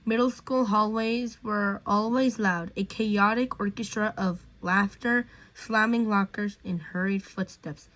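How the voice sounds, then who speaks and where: A woman's voice: mid-range voice, a bit bright, rough recording. A woman reading a fan fiction story aloud in a casual way, with slips and restarts.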